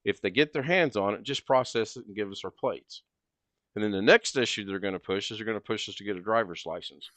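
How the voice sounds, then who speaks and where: A man hosting a livestream, telling a long story in a casual, animated way and acting out both sides of the conversation. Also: on the low side, quick pace, no echo. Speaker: livestream host.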